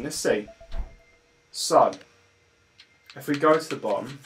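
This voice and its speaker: A man commentating his own gameplay casually, with excited outbursts and halting moments when he reads on-screen text aloud. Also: medium pitch, slight background noise.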